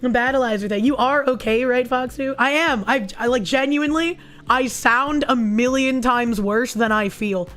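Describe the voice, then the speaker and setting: A woman streamer with a hoarse, raspy voice from recent illness, chatting casually and crudely while reading viewer messages. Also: fairly high pitch, moderate pace, fairly bright tone, soft background music. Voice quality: raspy, husky. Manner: casual and crude, swears often. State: hoarse, losing her voice after illness. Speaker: VTuber streamer. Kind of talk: casual livestream chat reading super chats.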